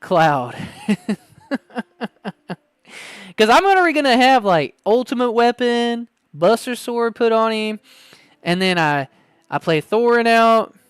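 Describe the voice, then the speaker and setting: A man hosting a casual card-opening video, chatting excitably and reading card text aloud. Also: very high-pitched, takes it slowly, pauses often, clear, resonant tone, no room sound, studio quality. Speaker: card-opening channel host. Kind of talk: casual unboxing chat.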